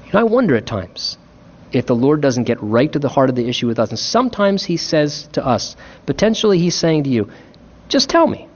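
A male pastor preaching a sermon with an impassioned delivery that swings between soft emphasis and raised urgency. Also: medium pitch, very animated, fairly quick, highs cut off.

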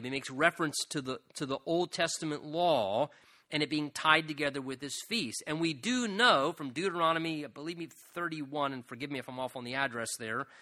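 A man's voice: fairly high pitch, pushed and bright. A man preaching a sermon, earnestly explaining a psalm verse by verse and building to emphatic appeals. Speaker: pastor.

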